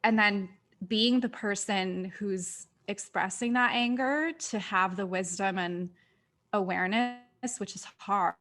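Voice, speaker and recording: A woman's voice: medium pitch, takes it slowly, fairly bright tone. A woman co-hosting a casual conversation, thinking aloud in a reflective way and leaning on fillers like "like" and "you know". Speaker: co-host.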